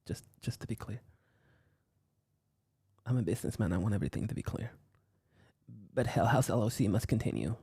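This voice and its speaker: A man voicing a self-important male businessman who talks down to his crew in a low, hushed voice. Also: a little fast, pauses often, breathy edge, dry recording, studio quality. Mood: patronizing. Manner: low, hushed, patronizing third-person talk.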